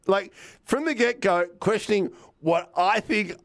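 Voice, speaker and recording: A man's voice: high voice, measured pace, creaky, fairly bright tone. A man with an Australian accent, co-hosting a podcast and telling a story casually, swearing freely and acting out both sides of the conversation. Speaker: podcast co-host.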